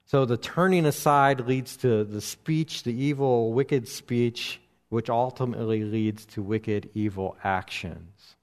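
A man giving an expository Bible lesson in an unhurried, measured way. He pauses often and restarts his phrases as he works through each verse. His voice sits at an ordinary middle pitch. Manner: slow and deliberate, with frequent fillers and restarts. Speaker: preacher.

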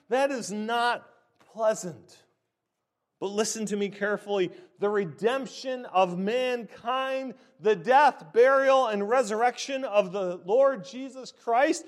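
A man preaching a sermon in an emphatic, deliberate way, stressing key words. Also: very high voice.

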